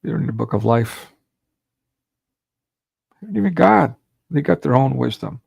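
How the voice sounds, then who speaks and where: A man with a gravelly, creaky voice preaches in a fervent, rhetorical style while hosting a live online watch party. His voice sits at a middle pitch, and the recording is dry and close, with no room sound. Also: animated, a little slow, a little mellow, no echo, dull audio. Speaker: livestream host. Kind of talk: preaching livestream talk.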